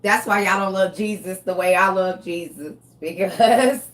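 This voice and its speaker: A woman delivering a comedic monologue in a slangy, animated way, often breaking into laughter. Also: mid-range voice, measured pace. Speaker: comedian vlogger.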